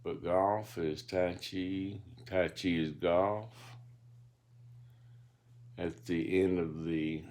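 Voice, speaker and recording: A man's voice: low voice, fairly even intonation, drawn-out words, pauses often, darkish tone. A man lying in bed, reading his own audiobook as a rambling, reflective spoken-word monologue. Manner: meandering, reflective, philosophical musing. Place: lying in bed in a dark room.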